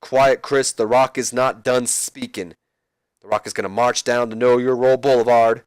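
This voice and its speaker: A man voicing a swaggering male wrestler who brags about himself in the third person with slow, drawn-out lines. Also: medium pitch, fairly even intonation, dry recording, lightly acted. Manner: drawn-out, boastful.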